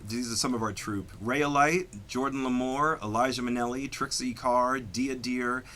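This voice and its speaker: A man's voice: mid-range voice, steady tone, normal speed, pushed and bright, a little hiss or hum. A man who performs and produces drag shows, chatting enthusiastically in an interview. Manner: enthusiastic, campy. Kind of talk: casual interview chat.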